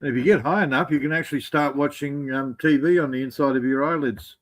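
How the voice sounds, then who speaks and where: Man with a high-pitched voice, teasing tone, wry jokes, livestream co-host. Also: fast. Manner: teasing, joking, wry asides. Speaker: co-host on a live stream. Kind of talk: casual live-stream chat.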